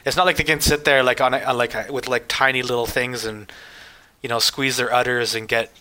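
Bright-voiced joking male co-host. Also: medium pitch, fairly even intonation, a little fast. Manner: wry, joking, thinks aloud with likes and ums. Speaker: show host. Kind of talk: casual news chat.

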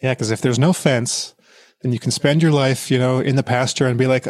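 A man's voice: mid-range voice, fairly even intonation, a little fast, darkish tone, no room sound, studio quality. A man on a group podcast who illustrates his points by acting out little scenes. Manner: illustrates points with acted-out quotes. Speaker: podcast panelist. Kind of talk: casual group discussion.

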